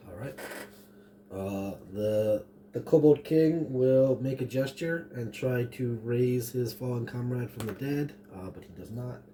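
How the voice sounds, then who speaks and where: A man running a tabletop game as game master, describing scenes and monster actions in a halting way full of fillers. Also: medium pitch, mellow, slight background noise.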